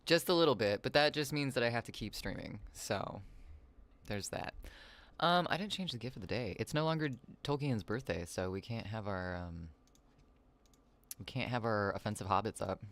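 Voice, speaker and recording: A man with a somewhat low voice rambles through a relaxed livestream, answering chat as it comes in. His voice sounds a little raw but is on the mend. He talks into a desk mic at home. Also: normal speed. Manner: rambling, reads and answers chat messages aloud. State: voice slightly raw, recovering. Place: home, with cats nearby. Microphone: desk microphone.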